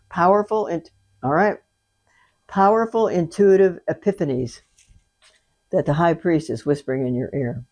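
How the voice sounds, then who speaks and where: A woman's voice: sits low, a little mellow. An older woman giving a chatty tarot reading, talking straight to the viewer with folksy exclamations. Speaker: tarot reader. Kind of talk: casual tarot reading to camera.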